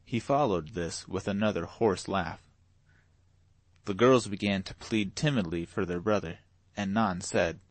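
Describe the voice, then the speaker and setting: A man reading a classic novel aloud as an audiobook narrator in an even, measured way. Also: deep voice, dry recording. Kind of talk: scripted narration.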